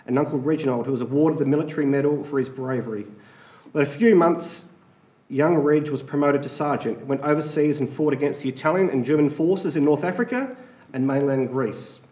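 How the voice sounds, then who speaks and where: An Australian man chairing a council meeting, speaking formally but haltingly with many fillers. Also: on the high side, darkish tone. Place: council chamber. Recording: roomy, dull council chamber audio.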